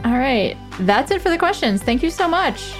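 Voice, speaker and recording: A woman hosts a podcast, asking her guest questions and then reading the show's outro. Her delivery is upbeat and lightly joking, and faint music plays quietly behind her. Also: high-pitched, big pitch swings, moderate pace. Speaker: podcast host.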